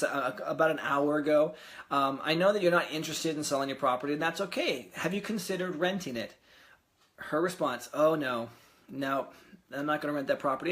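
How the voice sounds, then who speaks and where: A man's voice: on the high side, a bit bright. A young man chatting casually in a vlog about his real estate investing, rambling with lots of fillers and restarts. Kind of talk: casual screen-recorded vlog.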